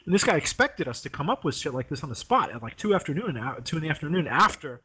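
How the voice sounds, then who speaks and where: Young dude telling a wild story fast, husky voice, lots of swearing. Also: male voice, on the high side. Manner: animated, swears a lot, mimics the professor in raised voice. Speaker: former grad student telling a story. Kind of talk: casual storytelling chat.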